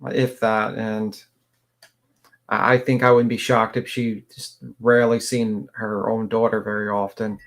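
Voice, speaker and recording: A man's voice: lowish voice, flat delivery, a little slow, fairly bright tone. A man co-hosting a casual true-crime chat, talking in a rambling way with many fillers. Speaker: co-host.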